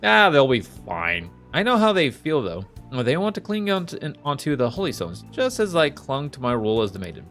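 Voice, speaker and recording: A man's voice: medium pitch, big pitch swings, brisk, few pauses, fairly bright tone, soft background music. A man reading the lines of an earnest young woman fortune teller from a video game, at times in a put-on Southern drawl. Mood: reflective. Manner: earnest, pleading, slips briefly into a folksy drawl.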